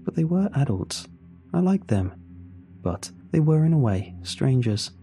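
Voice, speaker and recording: A man narrating a first-person horror story in a measured, tense way. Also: mid-range voice, sing-song, dark tone. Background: faint music.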